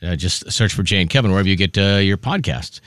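A man's voice: sits low, lively intonation, quick pace, fairly bright tone, no room sound. A man co-hosting a morning radio show, chatting easily, laughing along and reading show plugs and entertainment news. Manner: easygoing, laughs often, reads show plugs. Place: radio studio. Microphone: studio microphone.

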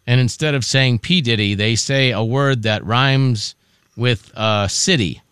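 A man's voice: mid-range voice, a little slow, a bit bright, clean tone, dry recording, clean studio sound. A man co-hosting a casual morning radio show, chatting and joking through entertainment news. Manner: chatty, jokey storytelling. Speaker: radio co-host. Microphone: studio mic.

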